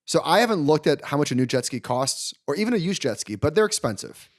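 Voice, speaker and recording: A man with a slightly higher voice, co-hosting a podcast in casual chat. He tells a long story with animated energy and laughs through it. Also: fast talker. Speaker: podcast co-host.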